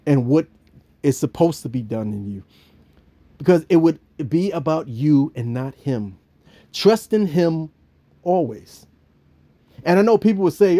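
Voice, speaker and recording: A man giving casual, joking devotional commentary in an animated way, with many restarts. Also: a little high, unhurried, pauses often. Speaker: vlogger.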